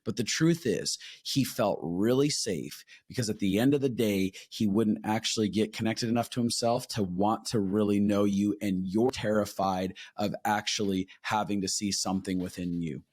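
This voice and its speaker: A low-voiced man speaks as a marriage counselor, explaining his points earnestly in a casual podcast conversation and now and then acting out what his clients say. His voice sounds dry and close, with no room echo. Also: moderate pace, few pauses, darkish tone.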